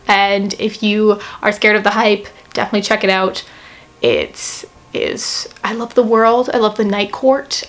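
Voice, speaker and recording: A woman's voice: mid-range voice, a bit bright. A young woman talking casually to the camera as she reviews a book, chatty and gushing, with lots of fillers and playful mock-quotes.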